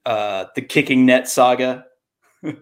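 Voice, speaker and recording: A young man with a mid-range voice chatting about sports with a friend. He talks in a laid-back, halting way, leaning on fillers as he thinks aloud. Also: medium pitch. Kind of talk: casual sports chat.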